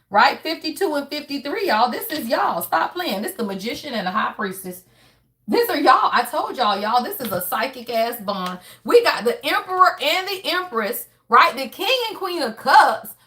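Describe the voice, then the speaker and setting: Lively, high, bright-voiced woman reading tarot. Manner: blunt and profane, constantly addressing viewers directly; emphatic, with frequent rhetorical tag questions. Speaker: tarot reader. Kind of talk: casual spiritual reading.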